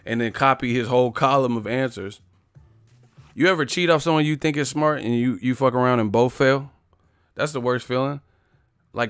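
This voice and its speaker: A man's voice: medium pitch, normal speed, dry recording. Dude ranting on his boxing stream, cussing, laughing at his own jokes, bit of music in the back. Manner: loud, profane, mocking, laughs often. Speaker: boxing live-stream host. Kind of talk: casual live-stream rant reading chat.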